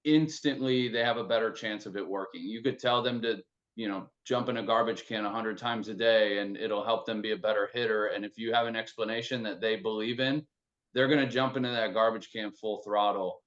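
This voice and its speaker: A man's voice: lowish voice, fairly even intonation, a little fast, fairly bright tone. A man hosting a casual podcast discussion, talking loosely with lots of filler words. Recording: dull lo-fi sound.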